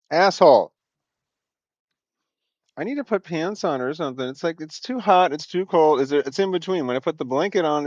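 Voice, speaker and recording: A man's voice: on the high side, darkish tone, dry recording, highs cut off. A man hosting a casual livestream from home, rambling, swearing and interrupting himself, laughing often. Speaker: livestream host. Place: home, indoors.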